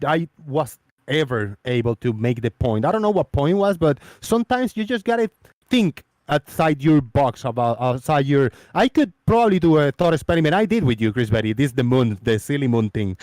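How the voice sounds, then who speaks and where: A man's voice: medium pitch, animated, a little fast, darkish tone, no echo, clean studio sound. A man hosting a casual online voice chat, joking, laughing often and stumbling over his words. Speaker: host.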